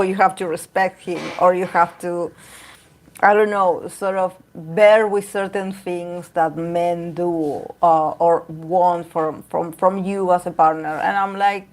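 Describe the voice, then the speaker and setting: A woman talking casually and candidly about herself, rambling with many fillers and restarts. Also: fairly low pitch. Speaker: tarot reader. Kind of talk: casual talk to camera.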